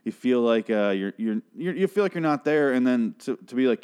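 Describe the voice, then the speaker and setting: A man casually recapping a TV episode, swearing freely and acting out characters' lines in quick put-on voices. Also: medium pitch, lively intonation, a little mellow, smooth.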